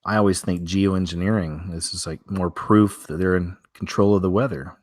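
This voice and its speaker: A man's voice: low voice, fairly even intonation, moderate pace, dry recording, clean studio sound. A man hosting a weekly strange-news show from home, talking casually and rambling through stories with many fillers and restarts.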